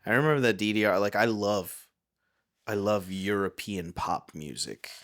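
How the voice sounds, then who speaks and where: A man's voice: fairly low pitch, normal speed. A man hosting a comedy podcast, rambling through a story in casual chat with lots of fillers. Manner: rambling, animated, filler-heavy. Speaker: podcast host.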